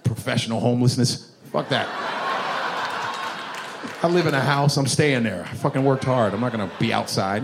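Animated profane stand-up comic man. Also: mid-range voice, moderate pace, long pauses, very noisy. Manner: profane, animated, mimics voices. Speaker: stand-up comedian. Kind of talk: stand-up comedy.

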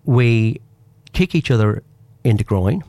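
A man voicing a gruff male farmer inside a joke he tells on a radio show. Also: fairly low pitch, expressive, measured pace, warm tone, no echo. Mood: stubborn.

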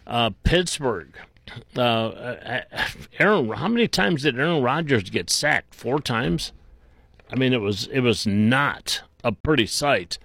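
Blunt talk-radio host, dry sound. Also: male voice, medium pitch, animated, gravelly, a bit bright, no echo. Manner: blunt, frequent restarts, quick bursts. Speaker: radio call-in show host.

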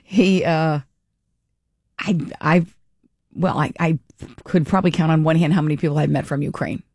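A woman's voice: low-pitched, fairly even intonation, a little slow, long pauses, a little mellow, no room sound. Chatty woman radio host, dry studio sound. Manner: chatty, laughs often, self-interrupting. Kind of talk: call-in radio talk.

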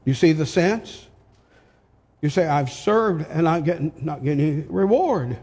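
Older guy preaching slow and emphatic, lots of rhetorical questions, big reverby church hall. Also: fairly high pitch, animated, darkish tone, slightly rough. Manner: emphatic, rhetorical questions, reads scripture aloud. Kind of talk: expository sermon. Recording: long reverb of a large hall.

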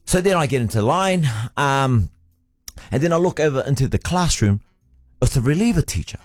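A New man co-hosting a breakfast radio show, telling a story in a lively, swooping voice that jumps high and drops low. The sound is dry and close, from a studio microphone with no room around it. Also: normal speed, dry recording, faint music behind. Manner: animated storytelling, sliding between high and low. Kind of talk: casual on-air banter.

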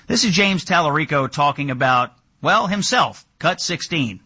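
Male host, fairly high, very animated delivery, sarcastic and incredulous. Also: moderate pace, breathy edge. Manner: incredulous, mocking. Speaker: news show host. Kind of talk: political talk show hosting.

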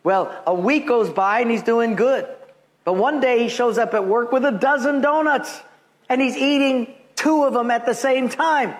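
A man preaching a sermon, telling stories and acting out the voices of people in them. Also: moderate pace. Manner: storytelling, acts out quoted voices with big pitch jumps. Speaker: pastor.

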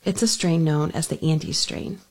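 A woman reads a radio news story in an even, scripted way. Her voice sits low, with a gravelly, slightly husky edge. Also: measured pace. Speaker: radio reporter.

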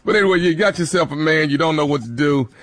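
A man co-hosting, giving easygoing, drawn-out relationship advice with plenty of fillers. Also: a little high, fairly bright tone. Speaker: co-host. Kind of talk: casual advice chat.

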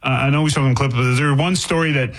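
A man's voice: medium pitch, fairly even intonation, fast, low-quality recording. A man from Boston hosting a casual radio interview, asking loose, restarting questions. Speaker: radio host.

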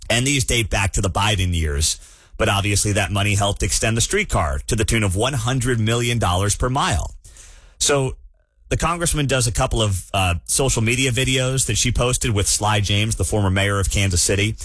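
A man's voice: on the low side, moderate pace, a bit bright, no echo, clean studio sound. A man hosting a talk radio show, sarcastic and mocking as he comments on clips. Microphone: studio microphone.

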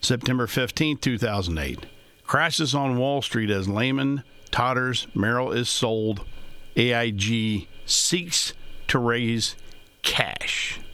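A man's voice: mid-range voice, takes it slowly, sharp tone, clean tone. An older man hosting a casual, rambling monologue to his listeners in a folksy way, chuckling between points. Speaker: host.

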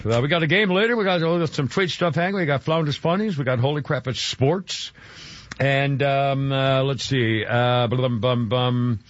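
A man's voice: mid-range voice, normal speed, no echo, muffled recording. A man hosting a radio show, chatting casually and rambling with lots of fillers and restarts. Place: radio studio.

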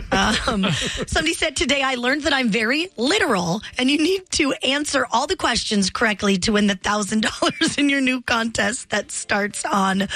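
A woman's voice: fairly high pitch, a bit bright, no room sound. Chatty, laughing radio woman. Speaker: radio morning show co-host. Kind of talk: casual radio banter.

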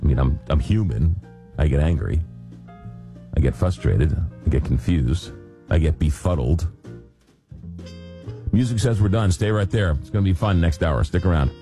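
A man's voice: sits low, lively intonation, moderate pace, long pauses, mellow, soft background music. A man hosting a late-night radio show, rambling casually with lots of fillers while he gets over a cold. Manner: rambling, searching for words with many fillers. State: recovering from a cold. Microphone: studio microphone.

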